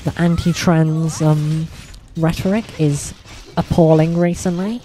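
A woman streamer chatting casually on stream, rambling, swearing and giggling, and practising a higher voice. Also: fairly even intonation, measured pace, mellow, slight background noise. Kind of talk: casual livestream chat.

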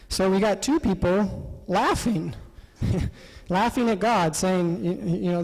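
A man presenting a Bible study session in an animated, laughing way, acting out the quotes. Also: high voice, a little slow. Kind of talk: lively Bible study talk. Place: parish hall. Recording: long hall reverb.

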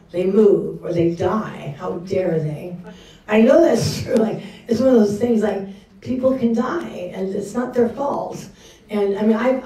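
A middle-aged woman gives a candid, conversational sermon at a church women's session in a church hall, often acting out her own reactions. Her voice is medium-pitched and mellow, recorded from a distance in an echoey room.

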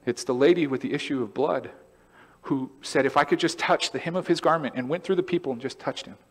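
Animated man preaching in a reverberant church. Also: a little high, fairly quick. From California. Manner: animated, storytelling, acts out voices and laughs. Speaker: pastor. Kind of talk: sermon. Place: church sanctuary.

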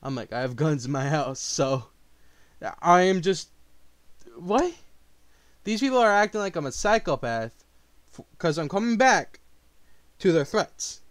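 A man reacting to a diss track in a heated, profane rant that swings between low grumbling and outbursts. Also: very animated, a little slow, pauses often, no room sound.

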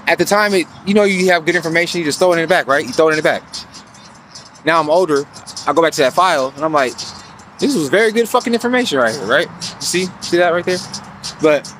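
A man's voice: a little high, quick pace, fairly bright tone, slight background noise. Profane, slangy man with a raised voice. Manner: profane, slangy, keeps asking "you feel me". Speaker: vlogger giving financial advice. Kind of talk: casual storytelling monologue.

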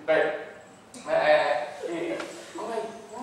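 A man preaching a sermon, swinging from loud bursts to hushed tones when he quotes God softly. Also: fairly high pitch, fairly even intonation, unhurried, slight background noise. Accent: Californian. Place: church hall. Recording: echoey hall from far off.

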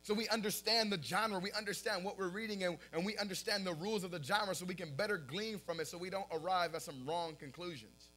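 A young adult man preaching a sermon, telling stories in an animated, casual way with lots of fillers and bursts of laughter. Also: high-pitched, a little fast, hardly any pauses. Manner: animated storytelling, often laughing at his own story; casual filler-heavy talk. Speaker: pastor.

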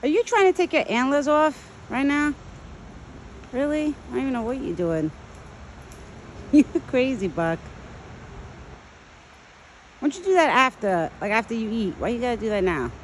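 Woman doting on her pet, lively voice. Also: on the high side, moderate pace, pauses often, slight background noise. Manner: doting baby talk to an animal, laughing often. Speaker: deer owner filming her pet. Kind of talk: casual vlog narration. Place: outdoors among trees.

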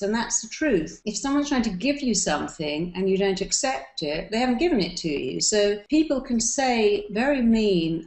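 Female self-help coach, lowish voice, lively mini-dialogues, echoey room. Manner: warm-hearted coaching, acts out little dialogues. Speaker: hypnotherapist giving advice. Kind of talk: motivational talk to listeners. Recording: roomy echo.

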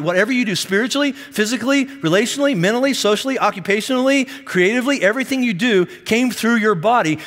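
A male pastor with a notably high voice preaches a sermon in an animated, joking way, teasing himself with the congregation. His words ring with a long reverb, as if in a large church auditorium.

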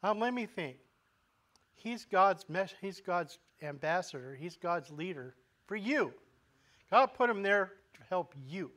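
A man's voice: sits high, lively intonation, measured pace, fairly bright tone. A male pastor preaching a sermon in a conversational way, asking the congregation rhetorical questions and often repeating words as he goes.

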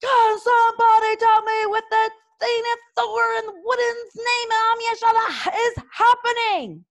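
A woman's voice: extremely high pitch, fairly even intonation, unhurried, pitched above the performer's own voice. A woman voicing a big male Viking teacher who bellows, in a storybook read-aloud. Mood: exasperated.

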